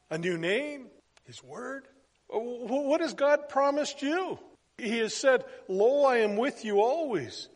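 A man's voice: high-pitched, big-room sound. A man preaching a sermon in a conversational way, asking the congregation questions as he goes. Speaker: pastor.

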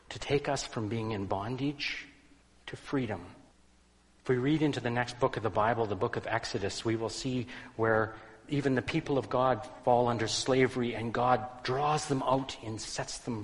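Earnest low-voiced male pastor preaching. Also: big-room sound, rough recording. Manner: conversational, earnest, drops to quiet emphasis. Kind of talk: sermon. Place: church.

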